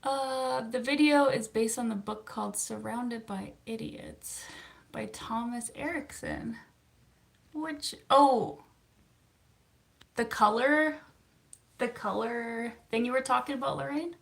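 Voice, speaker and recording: A therapist, chatting casually on a livestream and answering viewer comments with frequent laughs. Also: female voice, on the high side, slow pace, gravelly, long pauses. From Canada. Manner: chatty and upbeat, laughs often, self-teasing.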